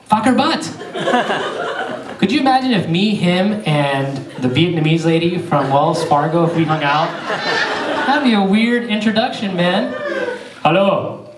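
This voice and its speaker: Man, stand-up comedian, animated storytelling, slightly high voice, distant, echoey theater, faint noise. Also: normal speed. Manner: animated storytelling, crowd work. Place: theater stage before a live audience. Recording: echoey theater heard from afar. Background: audience laughter.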